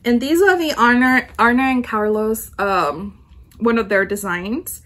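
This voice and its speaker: A woman's voice: fairly high pitch, unhurried, a bit bright. A woman hosting a knitting podcast, chatting casually in a rambling way, full of ums and self-corrections. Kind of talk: casual chat.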